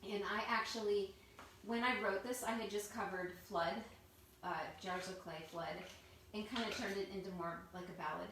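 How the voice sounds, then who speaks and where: A woman's voice: medium pitch, fairly even intonation, moderate pace, a bit bright, a little hiss or hum. Chatty woman in an echoey room. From New Jersey, raised in Missouri. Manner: chatty, storytelling, informal. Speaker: singer-songwriter hosting a live stream. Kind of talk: casual live-stream chat. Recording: roomy sound, mic at a distance, music behind.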